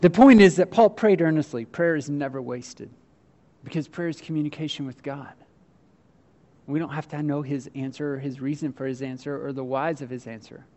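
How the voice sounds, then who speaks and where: A man preaching a sermon, acting out the quotes and laughing as he goes, then quieting down for the scripture. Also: a little high. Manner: animated, acts out voices in quotes, laughs often; drops to quiet, slow delivery on scripture. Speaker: pastor.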